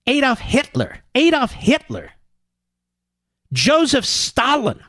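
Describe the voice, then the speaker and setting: Male talk radio host: high, swooping delivery, sarcastic and emphatic, dry studio sound. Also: huge pitch swings, takes it slowly, fairly bright tone, no echo. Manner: sarcastic, mocks opponents in put-on voices; emphatic, repeats words for effect. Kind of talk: political talk radio monologue.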